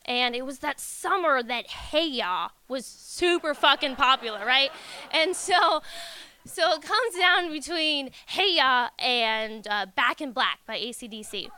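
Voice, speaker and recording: Bright, high-voiced young woman telling stories. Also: expressive, measured pace, smooth. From United States. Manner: casual, self-mocking, swears freely; laughs through the telling and acts out quotes. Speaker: storyteller. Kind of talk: live stage storytelling. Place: live storytelling stage.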